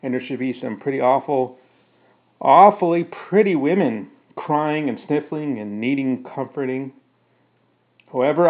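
A man narrating a first-person story, later explaining it casually with fillers. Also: a little high. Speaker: storyteller reading his own story. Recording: narrow phone-like sound.

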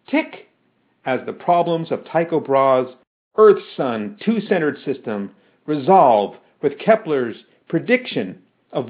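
A man voicing a lecturing metal professor who ticks mechanically between measured sentences. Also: on the high side. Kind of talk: audiobook character reading. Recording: dull lo-fi recording.

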